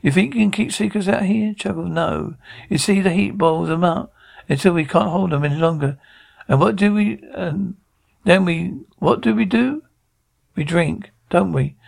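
A gravelly, jaded outback doctor. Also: male voice, sits high, normal speed, full character voice. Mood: brooding. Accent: Australian. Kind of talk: dark television drama acting.

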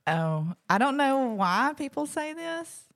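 A woman from Alabama with a Southern accent, chatting as a podcast co-host and telling stories in a lively way. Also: high-pitched, slow. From Alabama, USA. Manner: lively, expressive storytelling. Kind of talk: casual chat.

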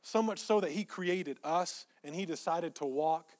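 High-voiced emphatic male preacher. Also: normal speed. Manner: emphatic, repeats phrases, swings between soft asides and loud peaks. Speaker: pastor. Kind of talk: sermon.

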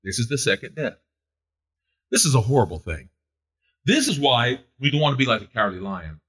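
Male preacher, fervent sermon delivery, lively swooping pitch, repeats lines for emphasis. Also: brisk, husky. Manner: fervent, building to loud exhortation.

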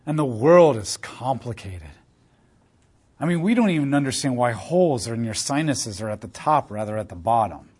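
Husky, animated male Bible teacher. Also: fairly high pitch. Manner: animated, emphatic, rhetorical questions, repeats phrases.

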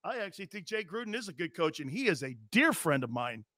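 A man's voice: high-pitched, very animated, fast, pushed and bright, no room sound, studio quality. A man hosting a live sports talk show, ranting in a blunt, profane, repetitive and heated way.

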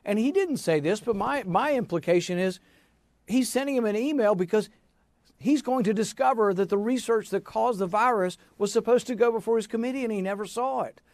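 Interview guest: man, fairly high pitch, animated and emphatic, dry close-miked sound. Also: a little fast, no room sound. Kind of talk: interview answer.

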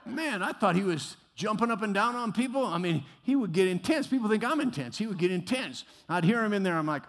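A man's voice: high-pitched, expressive, quick pace, hardly any pauses. Man preaching in a reverberant church. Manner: swings from quiet musing to loud exhortation; acts out quoted voices, laughs at himself. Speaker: pastor. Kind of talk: sermon. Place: church sanctuary. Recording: long hall reverb.

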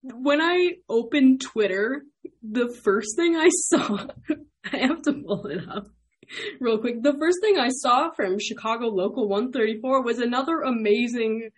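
A woman's voice: fairly high pitch, lively intonation, a little slow, husky. A young woman hosting a podcast, chatting in a bubbly, rambling way and laughing often. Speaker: podcast host. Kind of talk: casual interview chat.

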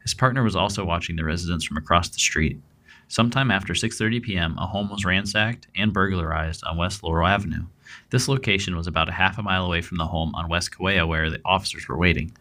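A man's voice: deep voice, fast. A man co-hosting a true crime podcast, reading out a case and then chatting about it with fillers and a laugh in his talk. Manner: relaxed, thinking aloud with fillers. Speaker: podcast co-host. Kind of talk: true crime narration and chat.

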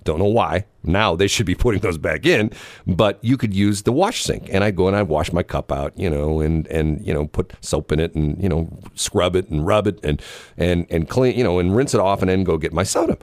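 A man hosting a radio show, telling a story in casual on-air chat, animated and laughing often. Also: low-pitched, normal speed, no echo. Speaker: radio host.

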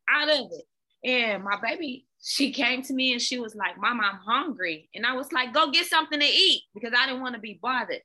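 A woman guest, a fitness coach, telling her own story candidly, animated and often repeating words. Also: on the high side. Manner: animated, repeats words, talks to listeners as "y'all".

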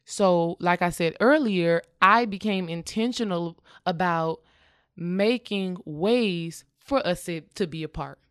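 Woman, earnest conversational advice, smooth clear voice, somewhat low pitch, dry close sound. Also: slow pace, no room sound. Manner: earnest, emphatic, coaching the listener with "okay?"; acts out quoted dialogue in lively voices.

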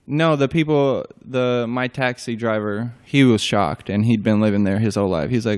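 Hesitant young man, smooth voice. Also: mid-range voice, darkish tone. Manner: hesitant, many pauses and fillers, brief replies. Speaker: interview guest. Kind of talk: casual interview answers.

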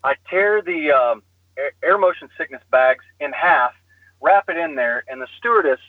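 A man telling a story in casual podcast chat, animated and self-deprecating, often laughing at himself, heard over a phone call. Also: fairly high pitch, normal speed, no echo. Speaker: guest storyteller. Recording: slightly muffled phone line.

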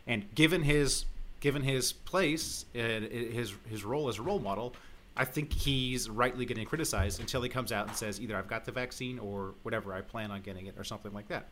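A man's voice: medium pitch, fairly quick, a bit bright, a little hiss or hum. A man co-hosting a basketball podcast, giving firm opinions in casual chat and laughing often. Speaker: podcast co-host.

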